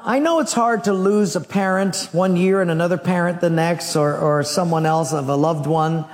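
A man preaching a sermon, telling a Bible story in an animated way with humorous asides. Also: a little high, long reverb tail. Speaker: pastor.

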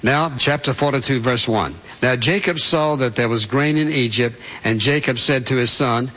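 A man's voice: mid-range voice, moderate pace, hardly any pauses, a bit bright, low-quality recording. Man preaching a storytelling sermon. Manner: storytelling, retells scripture in his own words; asks listeners to picture it as parents and children.

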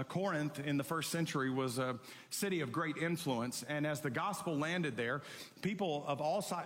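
Passionate high-voiced preacher in a reverberant hall. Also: male voice, a bit bright. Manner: passionate, reads scripture aloud. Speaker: pastor. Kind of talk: sermon.

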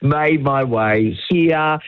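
A man's voice: medium pitch, drawn-out words, no room sound, narrow, tinny audio. A sleep-deprived man, a radio intern, chatting casually on air, laughing and stumbling over his words apologetically.

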